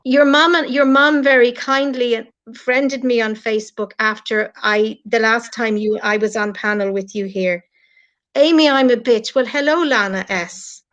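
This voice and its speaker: A middle-aged Irish woman speaks in an earnest, heartfelt way, addressing her critics head-on. Her voice sits a little high. The stream audio is muffled and lo-fi. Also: fairly even intonation, a little slow, few pauses, a bit bright. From Ireland. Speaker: guest on a live stream. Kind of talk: emotional live-stream chat.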